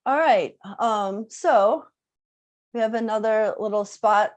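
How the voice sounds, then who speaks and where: A woman's voice: on the high side, takes it slowly. A woman music teacher giving a casual workshop talk, conversational, with many fillers and tag questions. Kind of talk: casual online presentation.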